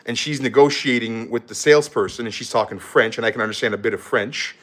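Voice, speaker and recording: A young man tells a rambling travel story from a hotel room, loose and casual, full of fillers and acted-out quotes. His voice sits at a plain middle pitch. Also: fast talker, fairly bright tone. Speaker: travel vlogger.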